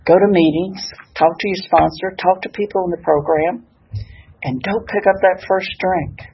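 A woman's voice: lowish voice, steady tone, moderate pace, slightly rough, dull audio. An older woman giving a folksy, good-humored personal share at a sobriety meeting, speaking to an audience in a hall. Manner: warm-hearted, folksy, laughs at herself.

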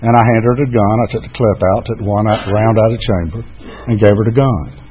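A man's voice: fairly low pitch, fairly even intonation, quick pace, a little hiss or hum. A man in his sixties frankly telling his own recovery story, mocking himself at times. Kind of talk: candid personal testimony. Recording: dull, muffled recording.

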